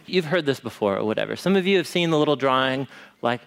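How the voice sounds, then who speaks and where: A man preaching a conversational sermon as pastor, animated and asking his listeners rhetorical questions. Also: medium pitch, quick pace, gravelly, smooth.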